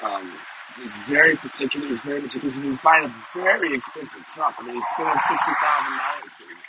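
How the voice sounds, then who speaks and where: A man's voice: medium pitch, fast talker. A middle-aged man and vlogger talking casually to his viewers in a rambling, conversational way. He often repeats himself and keeps checking in with "you know?". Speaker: vlogger and sales professional. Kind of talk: casual monologue to camera. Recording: steady background noise.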